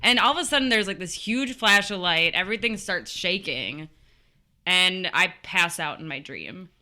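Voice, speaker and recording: A young adult woman telling a spooky story as a podcast guest, animated and laughing often. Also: fairly low pitch, normal speed. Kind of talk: casual storytelling chat.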